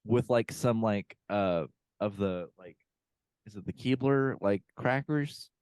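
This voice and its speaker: A man's voice: lowish voice, slow, a little mellow, clean tone, dry recording. A man co-hosting a podcast, casually recapping a movie with lots of fillers and quoted lines. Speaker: podcast co-host. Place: home room, remote call.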